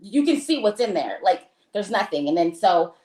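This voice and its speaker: A woman from the United States with a mid-range voice tells a casual travel anecdote at a moderate pace. She gets animated, voicing the people she quotes, and fills her speech with fillers, all captured with a roomy echo.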